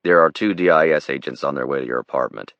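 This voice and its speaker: Male narrator as a clipped, commanding defense chief, very deep voice, dull dry recording. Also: fast, dry recording. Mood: urgent. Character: curt male defense secretary, urgent.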